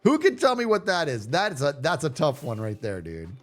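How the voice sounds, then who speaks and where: Male streamer, casual live gameplay commentary, lively swooping pitch, mid-range voice, chatty, faint music behind. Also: moderate pace. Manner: chatty and animated, yelling playfully at enemies. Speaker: video game streamer.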